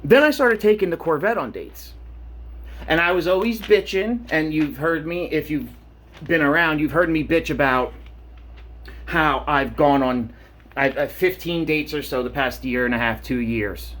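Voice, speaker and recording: A man's voice: a little high, normal speed, fairly bright tone. A man in his late thirties giving a rambling, profane monologue for his vlog, talking himself into a worked-up state in his shower. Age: 30s. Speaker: vlogger. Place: home shower.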